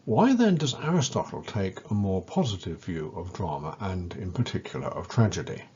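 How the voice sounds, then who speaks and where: Deep low guy, kinda husky, slow careful lecture voice, dull lo-fi sound. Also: very animated, warm tone. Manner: measured and deliberate, stresses key words. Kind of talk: scripted educational lecture.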